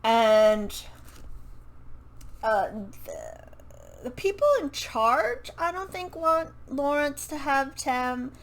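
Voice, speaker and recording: A woman's voice: high voice, expressive, very slow, rough recording. A woman chatting casually to camera about a book series into a microphone, rambling with self-correcting asides and casual swearing. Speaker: book vlogger. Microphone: microphone she turns to face.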